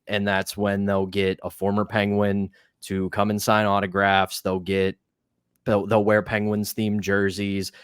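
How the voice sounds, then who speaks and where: A young man co-hosting a podcast, telling an animated anecdote in a casual chat and acting out the quoted voices. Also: lowish voice, clean tone, dry recording, clean studio sound. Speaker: podcast co-host.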